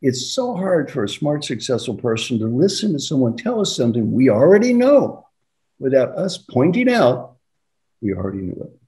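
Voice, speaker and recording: An older man coaching on leadership, telling anecdotes with a lively, swooping pitch. His voice is dark and mellow, and he acts out both sides of the conversations he recalls. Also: normal speed. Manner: animated, acts out dialogue with laughs. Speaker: executive coach. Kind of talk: storytelling leadership talk.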